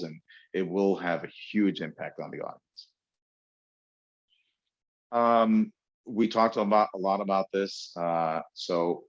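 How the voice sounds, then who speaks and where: Man, very deep voice, webinar lecture, fillers and pauses, muffled lo-fi sound. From New York. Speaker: webinar presenter. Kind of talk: webinar lecture on public speaking. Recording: dull lo-fi webinar audio.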